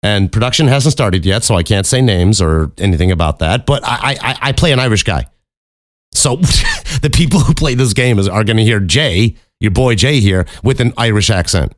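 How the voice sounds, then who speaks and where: A man's voice: lowish voice, expressive, normal speed, no echo, clean studio sound. A man from Chicago, a podcast host and voice actor, talking casually and candidly about his craft, with swearing and joking asides. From Chicago, USA. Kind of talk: casual monologue.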